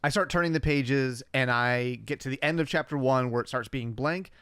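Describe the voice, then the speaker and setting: A man co-hosting a podcast, casually retelling scenes in a relaxed, wry way with filler words. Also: mid-range voice, normal speed, clean tone, no room sound, studio quality. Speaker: podcast co-host. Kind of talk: casual recap chat.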